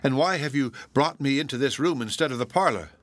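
Audiobook: male reader doing a frightened young woman, raised pitch, trembling, dry close sound. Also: fairly quick, dry recording, lightly acted. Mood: alarmed. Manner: trembling, pleading. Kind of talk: audiobook reading.

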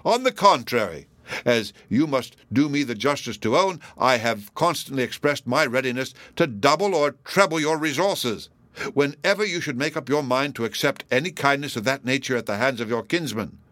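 A man reading aloud in the voice of a smug, pompous elderly judge, formal and deliberate. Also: medium pitch, expressive, a bit bright, no echo, close to an everyday voice. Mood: persuasive. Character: smug, self-assured elderly male judge, pompous and formidable.

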